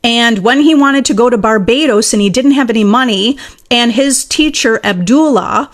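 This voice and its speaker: Earnest woman coach, slightly high voice. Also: moderate pace. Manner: earnest, emphatic, repeats key phrases. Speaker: manifestation coach. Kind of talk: casual teaching monologue.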